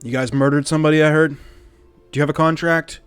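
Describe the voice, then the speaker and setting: A man voicing a stern male town guard leader, loud and demanding. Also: fairly high pitch, little pitch movement, fast talker, smooth, soft background music, voice pushed up, close to an everyday voice.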